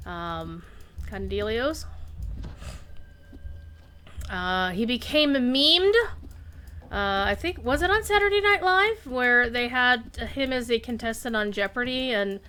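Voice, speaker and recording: A woman's voice: a little high, animated, takes it slowly, pauses often, sharp tone, clean tone. A woman streaming a game live, chatting loosely with viewers and rambling between tasks. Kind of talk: casual live-stream chat while gaming.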